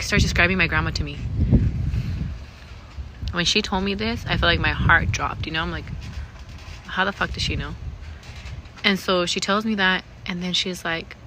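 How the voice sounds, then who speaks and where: A woman's voice: on the low side, background noise. A young woman telling a frightening personal ghost story, casually and with lots of swearing. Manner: swearing, rambling, frightened retelling. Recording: music bed underneath.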